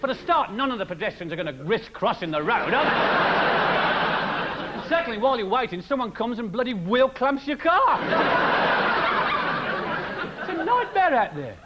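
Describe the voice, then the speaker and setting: A man doing an animated, mocking stand-up monologue before a live audience. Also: very high voice, moderate pace, long pauses, heavy background noise. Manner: animated, mocking, shouts punchlines. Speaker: comedian. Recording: dull broadcast recording, loud audience.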